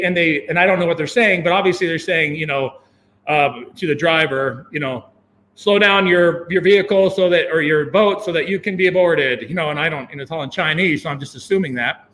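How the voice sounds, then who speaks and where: A man telling a long personal story as an interview guest, animated and full of fillers and chuckles. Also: high-pitched, slight background noise. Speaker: guest, venture capitalist. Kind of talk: casual anecdote telling.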